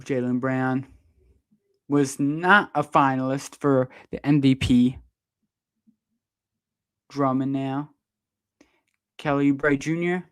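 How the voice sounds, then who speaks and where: A man doing live fan play-by-play of a basketball game, partisan and quick to protest the referees' calls. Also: mid-range voice, fairly even intonation, clean tone. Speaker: sports streamer doing play-by-play.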